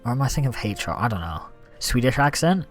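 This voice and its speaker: A young male streamer with a mid-range voice talks fast, faint music behind him, chatting casually on a gaming livestream. He's animated and chatty, reading out thanks for gifts and reacting to the game.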